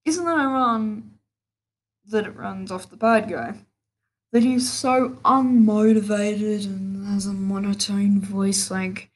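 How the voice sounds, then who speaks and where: A woman's voice: medium pitch, slow. A woman hosting a casual solo gaming podcast, rambling and restarting her sentences in an offhand way. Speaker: podcast host.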